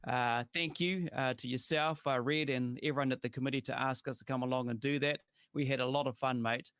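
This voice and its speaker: A man's voice: mid-range voice, fairly quick, clear, resonant tone, dry recording. Chatty New Zealand man hosting a show. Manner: chatty, relaxed, thanks viewers by name, heavy on fillers. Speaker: show host. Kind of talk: casual podcast chat.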